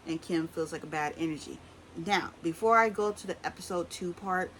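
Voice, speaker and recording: A woman giving a casual, opinionated recap of a reality show, chatty with sassy asides and quick voice impressions. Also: low-pitched, a little hiss or hum, rough recording.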